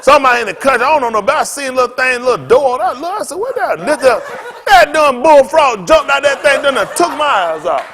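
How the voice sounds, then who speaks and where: A man preaching from the pulpit in a high voice that leaps all over the place. He mixes his sermon with funny stories and talks in a loose, everyday way. He often breaks into laughter as he speaks. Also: quick pace, few pauses. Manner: animated, colloquial, often laughing while telling stories. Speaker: pastor. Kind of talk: sermon with humorous storytelling.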